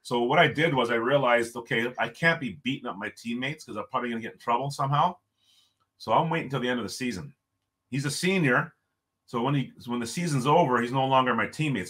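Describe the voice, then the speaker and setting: A man's voice: medium pitch, fast. A middle-aged man, a podcast guest telling a story in casual conversation and acting out the dialogue as he goes. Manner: lively storyteller who acts out quoted dialogue.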